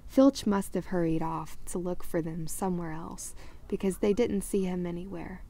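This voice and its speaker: A woman reading a children's fantasy novel aloud, lively and correcting small slips as she goes. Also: on the low side, moderate pace. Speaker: audiobook reader. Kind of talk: storybook read-aloud narration.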